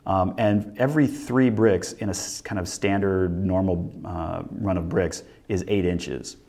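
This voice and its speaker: A man with a very low, deep voice walks through a lesson. He talks in a relaxed way, thinks aloud, and often stops to restart his sentences with fillers. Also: measured pace, creaky. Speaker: instructor. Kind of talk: recorded lecture walkthrough.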